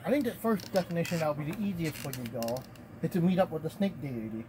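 A calm talking cat guide in a tabletop game, voiced by the man running it. The delivery is even and unhurried. There is a little background noise. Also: on the high side, natural voice.

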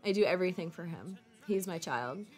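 A woman's voice: fairly low pitch, lively intonation, brisk, darkish tone, breathy edge, faint music behind. A woman streamer chatting casually with viewers, rambling with lots of "like" and casual swearing. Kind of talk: casual chat.

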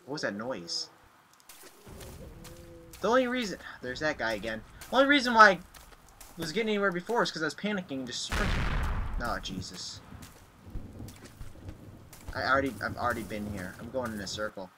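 A young man commentating as he plays a horror game, excitable, with sudden yelps and shouts. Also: mid-range voice, a little fast, pauses often, noisy background. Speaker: gaming video host. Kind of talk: let's play commentary.

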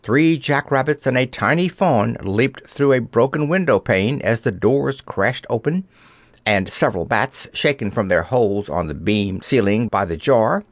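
Lively male storybook narrator. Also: medium pitch, normal speed, dry recording. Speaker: audiobook narrator.

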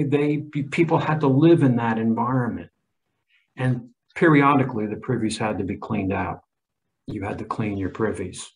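A man's voice: mid-range voice, rough recording. A man in his seventies, a history professor, giving an emphatic lecture with slides and frequent restarts. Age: 70s.

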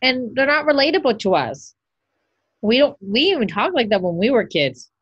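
A woman podcast co-host in casual chat, ranting in an exasperated, animated way. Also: on the high side, moderate pace, husky, no room sound, lo-fi sound.

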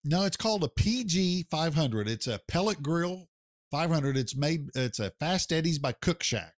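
An American barbecue pitmaster talks casually as a podcast guest, folksy and plainspoken, calling people "sir." His voice sits on the high side and is expressive at a normal speed, recorded dry with clean studio sound.

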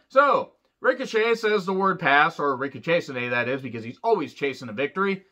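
A man's voice: high-pitched, expressive, fairly quick, hardly any pauses, pushed and bright. Sarcastic, cursing man ranting. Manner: profane, sarcastic, loose rambling. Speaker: wrestling reviewer. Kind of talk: casual ranting review. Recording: dull lo-fi sound.

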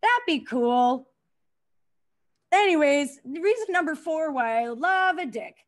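A woman's voice: high voice, animated, slow pace. A young woman doing a crude stand-up comedy set, self-deprecating, laughing at her own jokes and talking to the crowd.

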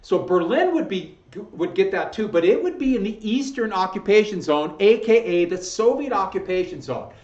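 Guy teaching history off slides, kinda high voice, echoey muffled room. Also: expressive, normal speed, few pauses, a little mellow. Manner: conversational, self-correcting, chuckles at own slips. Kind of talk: recorded slideshow lecture. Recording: echoey room, dull lo-fi sound.

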